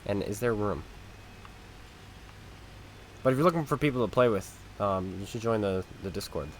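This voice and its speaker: A man's voice: fairly low pitch, expressive, moderate pace, a little hiss or hum. A man streaming a tank game, giving casual commentary with a sarcastic, exasperated edge about his teammates.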